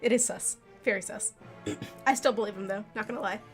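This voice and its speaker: A woman's voice: medium pitch, fairly quick, soft background music. Young woman chatting playfully over a game. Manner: playful, chatty asides with frequent laughter. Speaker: gamer. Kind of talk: casual let's-play commentary.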